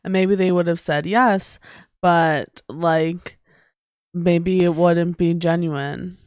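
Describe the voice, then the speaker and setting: A woman's voice: fairly low pitch, fairly even intonation, slow, a little mellow, smooth, dry recording. A woman co-hosting a casual podcast chat, speaking hesitantly with many fillers. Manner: hesitant, full of likes and ums. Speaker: podcast co-host.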